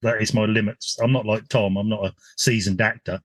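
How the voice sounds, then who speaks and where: A man from Suffolk, England, co-hosting a podcast in casual chat, self-deprecating and quick to laugh. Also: fairly low pitch, little pitch movement, no room sound. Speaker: podcast co-host.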